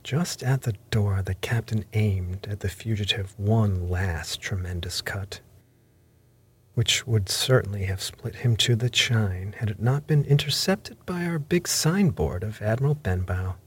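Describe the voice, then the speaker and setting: A man narrating a classic adventure novel in measured, scripted storytelling, sometimes dropping into half-whispered phrases. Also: on the low side, slightly rough. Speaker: audiobook narrator.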